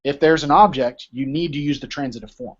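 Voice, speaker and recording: Male teacher, casual lecture, keeps asking "right?", slightly high voice, muffled lo-fi audio. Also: a little fast. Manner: explains with many rhetorical checks like "right?". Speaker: Greek teacher. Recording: dull lo-fi recording.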